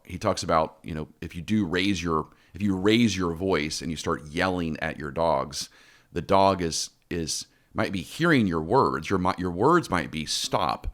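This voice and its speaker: Deep-voiced man telling stories, full of restarts. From Texas. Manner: storytelling with many restarts and repeated words. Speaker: podcast host. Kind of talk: casual podcast chat.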